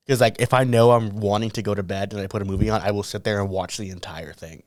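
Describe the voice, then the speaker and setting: A young man co-hosts a podcast, chatting in an easygoing way with quick asides. His voice is very low, and the sound is dry and close, with no room echo. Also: fairly even intonation, darkish tone. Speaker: podcast co-host. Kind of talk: casual chat.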